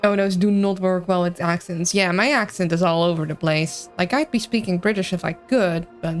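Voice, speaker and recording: A woman streaming a video game live, chatting in an excitable, rambling way with a mixed accent that is hard to place. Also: lowish voice, moderate pace, soft background music. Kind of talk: live gameplay commentary, reading chat.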